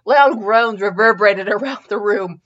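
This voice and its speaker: A woman reads a fan fiction story aloud as a podcast host, amused and slightly stumbling over words. Her voice sits at a middling pitch, and the recording is a little dull and lo-fi. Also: normal speed, a bit bright. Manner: amused, with small stumbles and laughs.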